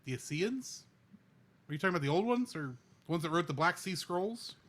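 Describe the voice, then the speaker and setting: A man co-hosting a podcast, chatting casually in an animated, rambling way. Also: on the high side, a little fast. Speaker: podcast co-host. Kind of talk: casual chat.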